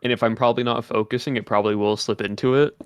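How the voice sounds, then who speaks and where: A man's voice: mid-range voice, steady tone, fast, clear, resonant tone. A man from Texas chatting casually on a stream while keeping up a practiced Southern drawl.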